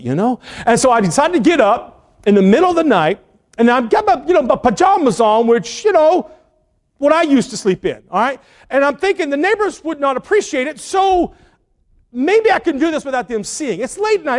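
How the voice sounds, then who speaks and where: A middle-aged man preaching, telling a lively family story and shouting the quoted lines. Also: very high voice, normal speed. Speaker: pastor. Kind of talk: sermon storytelling.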